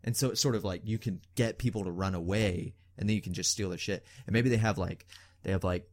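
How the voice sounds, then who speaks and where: Low-voiced man musing on a podcast. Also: brisk. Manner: relaxed, musing, full of "like". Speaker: podcast co-host. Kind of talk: casual worldbuilding chat.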